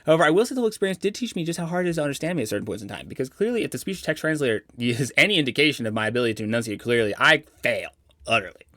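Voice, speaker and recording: A young man giving a personal life update, forcing slow, over-enunciated narrator-style speech and mocking himself for it. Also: medium pitch, expressive, pushed and bright, no room sound, studio quality. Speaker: vlogger.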